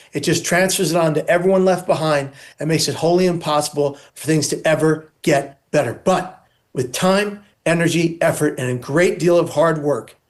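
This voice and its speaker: An earnest man giving a guest interview, pressing his points hard. His voice sits a little high for a man, and he hammers ideas home through repeated lists. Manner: emphatic, repetitive lists. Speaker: guest, suicide prevention speaker. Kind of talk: earnest advocacy talk.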